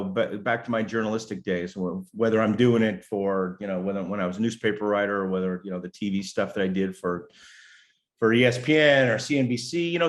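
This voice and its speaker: Middle-aged American man, guest strategist, animated, joking, loose filler-heavy chat. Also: medium pitch. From United States. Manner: animated, jokey, many fillers and restarts. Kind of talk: casual interview chat.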